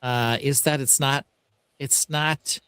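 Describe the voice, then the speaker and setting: A man hosts a podcast in a casual, bantering way, running polls and teasing with mock-serious asides. His voice is mid-pitched and sits dry and close. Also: steady tone, takes it slowly, fairly bright tone, clear, resonant tone, dry recording. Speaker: podcast host.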